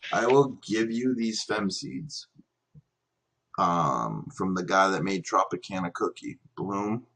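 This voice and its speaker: A man's voice: low-pitched, expressive, takes it slowly, a bit bright, breathy edge, rough recording. A man hosting a stream, chatting casually and explaining things in a laid-back way.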